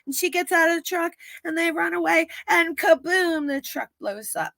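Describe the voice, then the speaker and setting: A woman co-hosting a casual live-stream, retelling an episode in animated fashion and acting out quotes. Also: extremely high pitch, moderate pace, creaky, dry recording. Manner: animated storyteller, acts out quotes. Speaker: podcast co-host recapping a TV episode. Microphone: live-stream setup.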